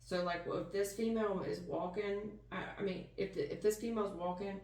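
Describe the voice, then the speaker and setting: A woman's voice: mid-range voice, fairly even intonation, brisk, darkish tone. A woman giving a casual tarot reading in an emphatic, folksy manner, calling the listener hon and baby. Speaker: tarot reader. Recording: roomy sound, distant mic.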